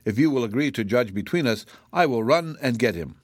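A man's voice: medium pitch, expressive, brisk, no room sound, studio quality, close to an everyday voice. A man voicing a proud, pompous male zebra in a storybook reading, with a formal and indignant way of speaking. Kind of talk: audiobook reading.

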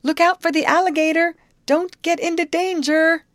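A woman's voice: on the high side, animated, normal speed, husky, dry recording, clean studio sound, voice pushed up. A woman voicing a firm, level-headed young girl in a storybook reading. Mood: alarmed.

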